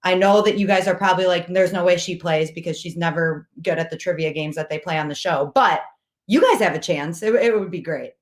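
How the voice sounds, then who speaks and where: A woman's voice: lowish voice, a little fast. A woman hosting a casual sports talk show, upbeat as she wraps up with promotions. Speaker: host.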